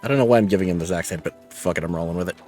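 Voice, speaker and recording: A man's voice: deep voice, very fast, darkish tone, faint music behind. A man hosting a let's play, chatting casually about the story and swearing now and then. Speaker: VTuber let's play host. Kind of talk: casual gameplay commentary.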